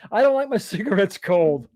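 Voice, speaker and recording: Middle-aged man hosting a live stream; rambling, self-deprecating, slightly raised pitch, dry close sound. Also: lively intonation, a little slow, a little mellow, no room sound. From East Texas, USA. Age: 40s or 50s. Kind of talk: casual live chat reading comments.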